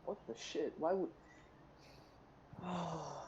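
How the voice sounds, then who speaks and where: A man's voice: fairly high pitch, steady tone, slow, darkish tone, slight background noise, poor audio. A man playing a tabletop game, ranting with raw emotion and heavy swearing in casual chat.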